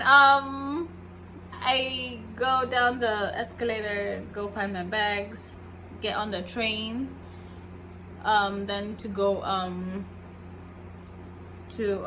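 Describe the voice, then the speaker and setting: Unhurried bright-voiced young woman storyteller. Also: mid-range voice, slight background noise, poor audio. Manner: animated, acts out quoted people. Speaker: vlogger. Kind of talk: casual storytelling while cooking. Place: home kitchen.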